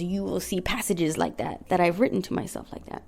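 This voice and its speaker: A woman co-hosting a podcast in casual chat. She talks in an animated way and swings between loud bursts and soft asides. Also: mid-range voice, a little fast, vocal fry, few pauses. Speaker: podcast co-host.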